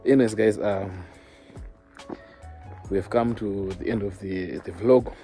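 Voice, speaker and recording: A man's voice: fairly low pitch, fairly even intonation, measured pace, dark tone, faint music behind. A young man with a Zimbabwean accent, chatting loosely to camera in a casual vlog and mixing in Shona phrases. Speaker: vlogger. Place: outdoors in a town centre.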